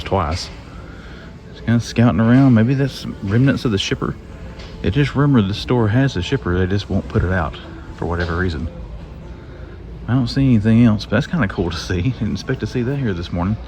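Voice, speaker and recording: A man's voice: on the low side, darkish tone, slight background noise. A man giving casual running commentary to viewers while browsing toy aisles in retail stores, recorded on a handheld phone. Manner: casual, chatty, talks to viewers as "guys". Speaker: toy collector vlogger.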